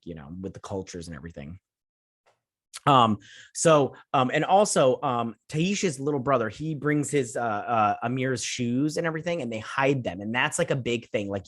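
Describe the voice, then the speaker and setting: Rambling male host, casual recap, many fillers, mid pitch, dry close sound. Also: a bit bright, no echo. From United States.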